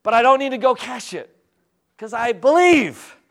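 A man's voice: very high voice, animated, normal speed, creaky, a bit bright, voice pushed up, full character voice. A man voicing a stubborn woman who won the lottery but refuses to cash her ticket, in an insistent, self-assured way.

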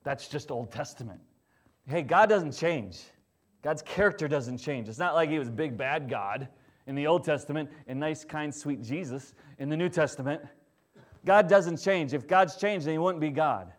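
Man preaching a conversational sermon. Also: brisk. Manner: conversational, checks in with the congregation; swings between loud emphasis and low quiet stresses. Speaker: pastor.

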